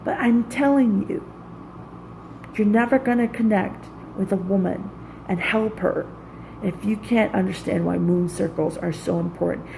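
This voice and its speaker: A woman's voice: mid-range voice, vocal fry, mellow, slight background noise, rough recording. A woman speaking in an intense, raw, profane personal monologue, pouring out anger and hurt. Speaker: vlogger.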